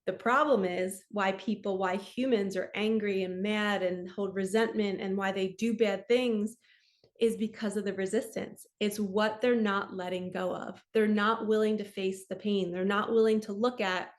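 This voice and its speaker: A woman's voice: mid-range voice, steady tone, normal speed. A young adult woman giving an earnest motivational talk as a spiritual coach, often speaking out imagined inner dialogue.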